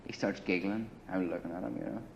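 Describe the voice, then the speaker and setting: A man's voice: low-pitched, steady tone, quick pace, gravelly, a little hiss or hum. An older Irish man, a former paramilitary, recounting his past in casual, blunt storytelling full of swearing and "you know". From Ireland. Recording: slightly muffled recording.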